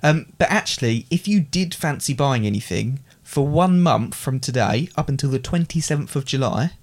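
A man's voice: medium pitch, animated, moderate pace. Chatty man hosting a casual podcast. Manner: rambling, friendly, laughs often. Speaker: podcast host. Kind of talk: casual chat.

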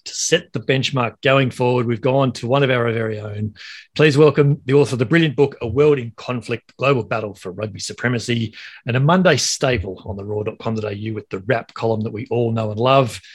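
A man's voice: medium pitch, slightly rough. A man hosting a rugby podcast, upbeat and chatty, introducing co-hosts and guests. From Australia. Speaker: podcast host. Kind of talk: casual sports podcast banter.

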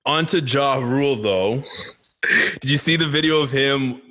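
A young man co-hosting a podcast, talking in a relaxed way with lots of "like" and fillers. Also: mid-range voice, unhurried. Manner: relaxed, filler-heavy, says "like" a lot. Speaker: podcast co-host. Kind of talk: casual chat.

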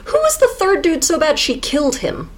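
Woman podcast host, sarcastic and giggly, voice swoops up and down a lot, a bit high. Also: normal speed, noisy background. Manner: sarcastic, animated, laughs often. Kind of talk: casual chat recapping a novel.

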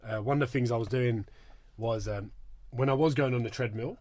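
Husky laddish man. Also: mid-range voice, brisk, a little mellow. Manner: laddish, swears, says bruv and innit. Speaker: podcast host. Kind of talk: casual banter.

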